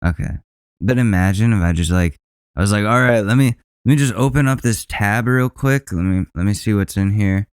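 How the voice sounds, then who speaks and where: Male podcast host, smooth mid voice, rambling jokey rant, dry close mic. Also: on the low side, fairly quick, no echo. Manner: rambling, joking, trailing off and laughing.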